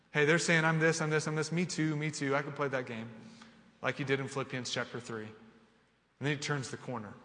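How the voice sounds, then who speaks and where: Male pastor, sermon, slightly high voice, lively emphatic delivery, long hall reverb. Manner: animated, voices imagined dialogue, builds to rising emphatic lists.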